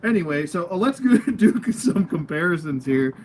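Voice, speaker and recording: A man's voice: high voice, big pitch swings, moderate pace, slight background noise. A man hosting a casual toy review at home, rambling and goofy, laughing at himself as he goes. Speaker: toy reviewer, channel host. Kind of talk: casual unscripted product review. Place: at home, at a table of figures.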